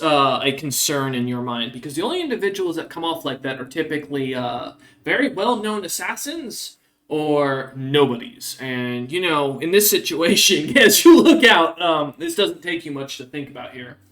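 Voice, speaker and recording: A man's voice: a little high, a bit bright. A man narrating a tabletop game as game master, talking in a rambling way full of ums and uhs.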